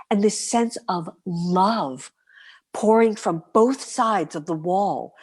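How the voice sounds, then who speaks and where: A middle-aged woman from New City, a guest performer telling her stories in an interview, lively and vivid, sometimes dropping to a whisper. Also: medium pitch, a little slow, husky. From New York City. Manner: animated, vivid storyteller, breaks into soft whispers. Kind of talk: storytelling interview.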